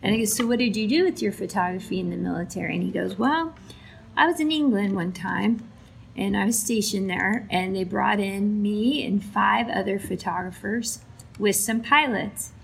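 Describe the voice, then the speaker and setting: A woman from Alaska with a gravelly mid-range voice tells stories about veterans at a normal speed, captured in poor audio with a faint hiss or hum. She is a storyteller for a veterans' flight charity, and her casual retelling is animated, with the dialogue acted out.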